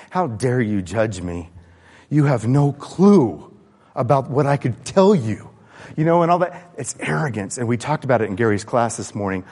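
A man preaching a sermon in a church, animated and acting out the voices of the people he quotes. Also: medium pitch. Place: church sanctuary. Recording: long church-hall reverb.

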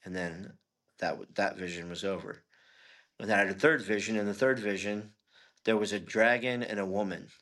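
Middle-aged pastor guy telling his story in an interview, earnest and chatty, lowish voice. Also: fairly even intonation, fairly quick, a bit bright. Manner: earnest, conversational storytelling with frequent "you know". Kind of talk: personal testimony in an interview.

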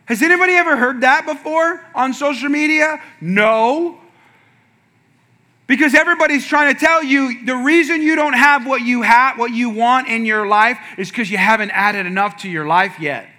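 A man preaching a sermon to his congregation. His voice sits high and rings very bright. He tells his stories with energy, dropping to quiet asides and then rising to shouted punchlines. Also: normal speed. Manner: storytelling, animated with wide swings from quiet asides to shouted punchlines. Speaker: pastor.

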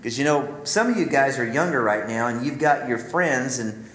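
A man's voice: mid-range voice, animated, normal speed, fairly bright tone. A man giving a conversational teaching talk to other men, telling personal stories in a folksy way and calling his listeners guys. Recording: roomy echo with faint ambience.

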